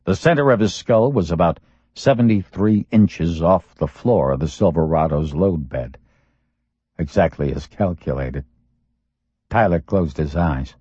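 Deep-voiced man narrating a thriller. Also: husky, dry recording. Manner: steady, measured storytelling. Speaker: audiobook narrator. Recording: dull lo-fi dry recording.

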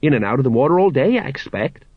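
A man voicing an anxious, gloomy middle-aged sergeant who talks slowly and hopefully, rambling on. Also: mid-range voice, big pitch swings, slightly rough, dry recording. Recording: dull, lo-fi audiobook recording.

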